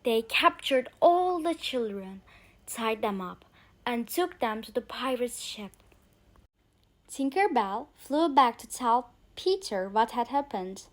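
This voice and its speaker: A woman reading a bedtime story aloud for English learners, clear and expressive. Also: a little high, takes it slowly.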